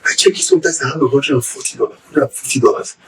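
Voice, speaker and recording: A middle-aged Nigerian man with a Nigerian accent, telling his life story as an interview guest, animated and acting out the voices of people he quotes. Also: mid-range voice, rapid-fire, far from the mic, rough recording. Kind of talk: casual storytelling.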